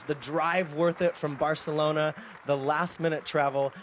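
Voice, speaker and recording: A man's voice: a little high, a little hiss or hum. A man co-hosting a live studio sports show, retelling a match story with facts and figures. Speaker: studio co-host. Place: television studio.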